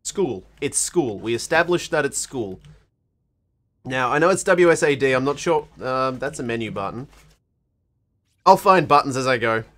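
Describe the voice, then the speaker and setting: A man's voice: medium pitch, animated, moderate pace, pauses often, fairly bright tone. An Australian man streaming a game, reading the characters' dialogue aloud in playful put-on voices and joking between lines.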